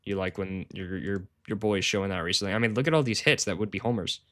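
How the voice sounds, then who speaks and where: A man's voice: low voice, fast talker, fairly bright tone. A man live-streaming sports betting research, chatting casually with his viewers in a rambling, slangy, self-deprecating way. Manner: rambling, slangy, talks to chat, says "bro" a lot; self-deprecating, laughs often.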